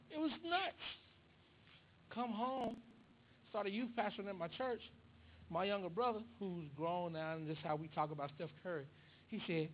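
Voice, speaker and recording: A man's voice: sits high, normal speed, lo-fi sound, slight background noise. A young man preaching a sermon, telling a family story animatedly and acting out the voices. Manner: animated, acts out dialogue.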